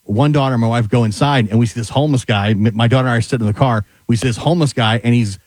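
A man's voice: mid-range voice, racing, no room sound. A man on a radio show with a mid-range voice who races through his story and quotes everyone in it. His studio mic gives a close, dry sound. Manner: animated anecdote teller quoting people. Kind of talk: casual radio talk.

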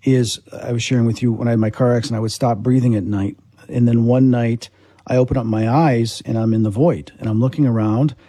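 A male host talks casually, with a mellow, warm and slightly husky voice. He tells his own story with animated energy. The sound is dry and close, with no room around it. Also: medium pitch, brisk, no echo. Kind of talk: casual chat.

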